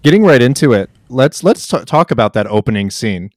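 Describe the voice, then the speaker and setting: A man's voice: mid-range voice, lively intonation, fairly quick, no echo. A man co-hosting a casual film podcast, talking in long rambling sentences full of "like" and "you know". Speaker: podcast co-host.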